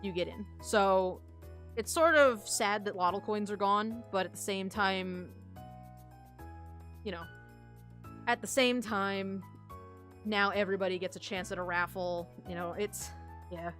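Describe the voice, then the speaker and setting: A woman's voice: medium pitch, a little slow, pauses often, a bit bright, soft background music. A young woman livestreaming, chatting casually with viewers in a giggly, rambling, self-deprecating way. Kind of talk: casual stream chat.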